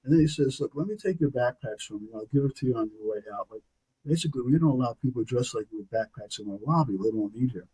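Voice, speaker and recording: Brooklyn-raised man in his 60s, New York accent, dark husky voice, animated anecdotal storyteller. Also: medium pitch, fast talker, low-quality recording. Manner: animated anecdotal storyteller, tag questions like "okay?". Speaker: podcast guest, author. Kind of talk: personal storytelling.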